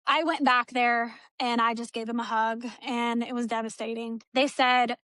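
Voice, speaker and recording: Female interview guest from Texas, high and bright, retells a hard personal story and voices the other people in it. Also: flat delivery, moderate pace, no room sound. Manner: storytelling, acts out quoted dialogue. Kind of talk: emotional personal account.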